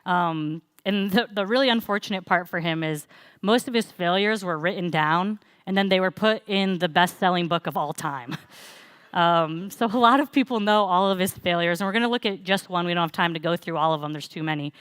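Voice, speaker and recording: Speaking like she's telling friends a story, a young woman delivers a casual church message with laughs and fillers. Her slightly low voice is smooth and resonant, and her brisk delivery is captured dry and close with no echo.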